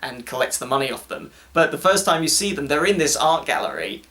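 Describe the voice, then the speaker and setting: A man's voice: fairly high pitch, very animated, a little fast, sharp tone. A man co-hosting a casual chat, talking loosely, laughing often, swearing and mimicking characters. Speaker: co-host.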